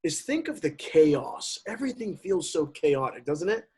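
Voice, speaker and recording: High husky guy on a podcast, preachy, hammers the same words. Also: sing-song, moderate pace, mellow. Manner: emphatic, preachy, repeats key words. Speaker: podcast guest. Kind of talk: casual podcast chat.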